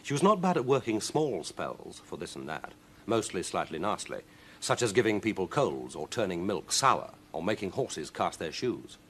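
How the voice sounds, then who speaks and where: Lively man reading a story. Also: low voice, normal speed, a little hiss or hum. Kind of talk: reading a children's story aloud.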